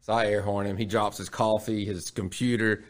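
A man's voice: on the low side, flat delivery, normal speed, background noise. A man telling a crude, laughing story in casual chat, full of "bro" and "dude".

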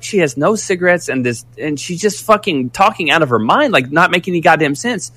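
A man casually telling a story, animated and profane, rambling with restarts. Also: on the high side, brisk, few pauses, breathy edge.

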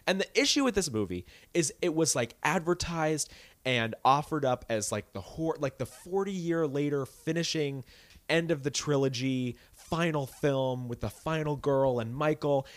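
A man's voice: on the high side, moderate pace, no room sound. A man co-hosting a podcast, chatting casually and ranting with indignation. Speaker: podcast co-host. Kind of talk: casual chat.

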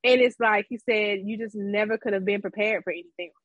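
A woman's voice: medium pitch, a little fast, no echo, poor audio. A woman co-hosting a casual talk show, speaking bluntly, swearing at times and often restarting her sentences. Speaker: podcast co-host. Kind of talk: casual chat.

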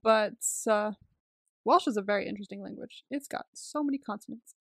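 A woman's voice: medium pitch, fairly quick, vocal fry, no echo, clean studio sound. A young woman co-hosting a casual movie recap podcast, chatty and full of fillers, laughing often. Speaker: podcast co-host.

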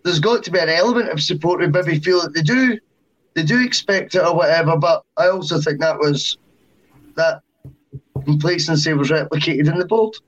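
Guy co-hosting a football podcast, higher voice, chill and agreeable, breaks things down. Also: normal speed, muffled recording. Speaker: podcast co-host. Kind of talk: casual chat.

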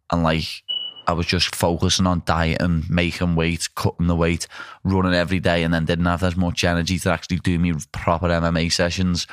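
A man's voice: deep voice, a bit bright, no echo, studio quality. A young man, a pro fighter, chatting bluntly and casually about cutting weight. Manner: rambling, blunt, laughing. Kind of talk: casual chat.

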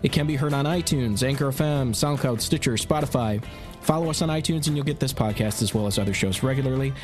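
A man's voice: medium pitch, quick pace, darkish tone, faint music behind. Upbeat male podcast host. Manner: upbeat, promotional reading. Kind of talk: scripted intro and interview questions.

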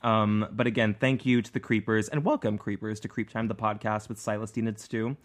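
A man's voice: on the low side, flat delivery, brisk. A man hosting a true crime podcast, talking casually with many fillers and easy laughter. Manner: chatty, fillers, laughs easily. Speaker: podcast host and narrator.

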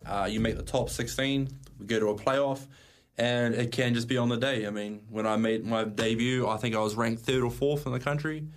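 A man with a New Zealand accent, a darts player speaking as a studio guest in a relaxed, casual radio interview. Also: mid-range voice, moderate pace. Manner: relaxed, laid-back, says mate.

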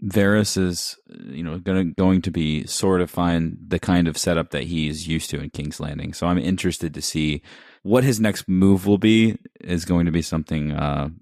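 A podcast co-host in casual discussion, playful and quick to laugh. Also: low-pitched, a little mellow, no room sound, studio quality. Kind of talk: casual chat.

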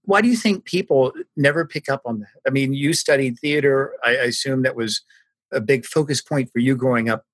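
Husky-voiced curious male host. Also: medium pitch, brisk, dry recording. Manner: conversational, curious. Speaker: podcast host, recruiter. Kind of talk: interview questions.

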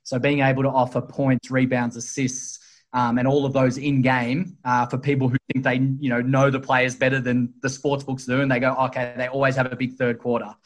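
A man's voice: mid-range voice, flat delivery, a little fast. A man talking as a guest in a podcast interview, explaining at length with frequent fillers and restarts. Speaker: sportsbook executive guest.

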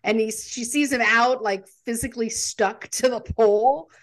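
A woman recounts scenes from a holiday movie in a lively, casual way, laughing as she talks. Her voice sits a little high. She often acts out the characters' lines in quick bits. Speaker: podcast co-host.

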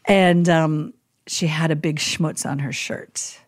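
A woman chaplain telling stories in a casual podcast interview, animated and acting out the people she quotes. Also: deep voice, slow, no room sound, studio quality. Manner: animated storyteller who acts out quoted people.

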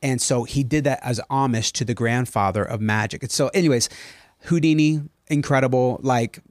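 A man in a podcast chat who tells stories with eager enthusiasm and drifts into tangents. His voice sits at an everyday middle pitch. The sound is dry and close, with no room echo. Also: normal speed. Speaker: podcast co-host. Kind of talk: casual chat, storytelling.

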